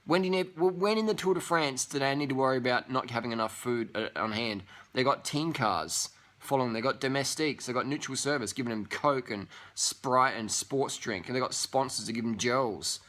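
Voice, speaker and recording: A man's voice: medium pitch, fairly quick, hardly any pauses, fairly bright tone. A young man ranting bluntly to camera, scornful and full of swearing. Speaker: vlogger. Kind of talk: profane rant to camera.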